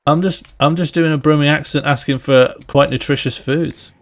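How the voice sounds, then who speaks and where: Speaking at normal speed in a fairly high, steady voice, a man streams his gameplay live. It's casual chat: he jokes around with friends and viewers, laughs frequently, and talks to himself as he goes.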